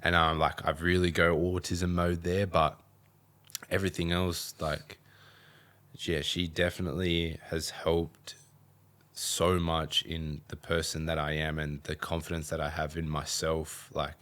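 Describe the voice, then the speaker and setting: A man's voice: rumbling low, flat delivery, a little slow, fairly bright tone. A young man with an Australian accent, chatting as a podcast guest in a rambling way full of "like". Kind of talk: casual podcast chat.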